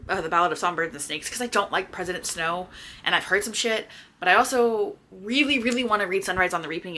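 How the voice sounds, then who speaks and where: A woman chatting casually to her viewers about books she has read, gushing with excitement and swearing freely. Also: fairly low pitch, slight background noise. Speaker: book vlogger. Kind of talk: casual chatty book review.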